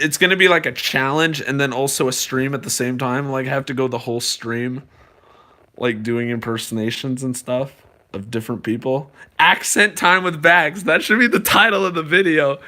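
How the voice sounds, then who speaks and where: A young man, a balloon artist, chatting excitedly and jokingly with viewers on a live stream. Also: mid-range voice. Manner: excitable, joking, playful voices.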